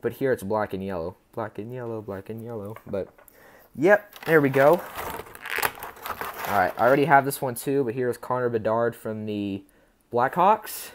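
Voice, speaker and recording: A man's voice: medium pitch, animated, moderate pace, noisy background. A man hosting a casual unboxing video. He chats upbeat and rambling with his viewers and stumbles over player names as he goes. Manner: chatty and upbeat, talking to viewers. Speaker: unboxing channel host.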